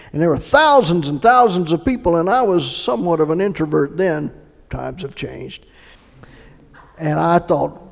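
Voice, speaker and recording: High-voiced gravelly preacher man. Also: lively intonation, normal speed. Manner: earnest, swings between hushed recollection and emphatic calls. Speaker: pastor. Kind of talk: sermon with personal testimony. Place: church sanctuary. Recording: echoey hall reverb.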